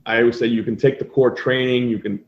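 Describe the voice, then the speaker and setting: A man's voice: medium pitch, fast talker. Man hosting a podcast, echoey and dull. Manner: relaxed storytelling with fillers. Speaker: podcast host, assisted living operator. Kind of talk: casual interview chat. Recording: echoey room, dull lo-fi sound.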